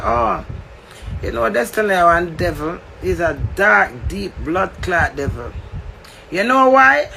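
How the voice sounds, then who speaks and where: A man's voice: high-pitched, creaky, bright, forceful tone, slight background noise. A man with a Jamaican accent delivering a heated, confrontational rant, swearing and lecturing.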